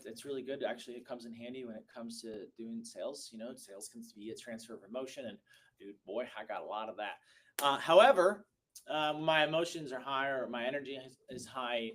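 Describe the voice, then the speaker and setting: Hosting a live show, a thirtysomething man gives a high-energy, excitable motivational pitch for sales. He alternates loud outbursts with quieter, slower passages.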